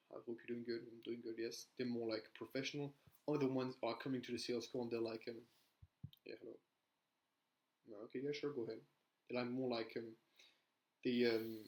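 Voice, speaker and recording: With a mid-range voice captured on a low-quality recording, this young man rambles through informal sales advice to camera. He keeps checking in with "right?" and frequently begins his sentences again.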